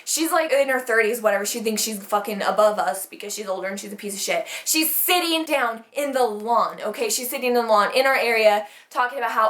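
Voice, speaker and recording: A woman's voice: a little high, animated, brisk, a bit bright. A young adult woman telling stories in a casual vlog, ranting with heavy swearing. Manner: profane, heated ranting storyteller. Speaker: vlogger. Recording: roomy echo.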